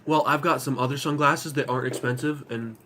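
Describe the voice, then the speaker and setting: A young adult with a voice of middling pitch talks in a loose, rambling way. They tell stories and laugh at their own jokes. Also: steady tone, a little fast, sharp tone, a little hiss or hum. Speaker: co-host. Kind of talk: casual chat.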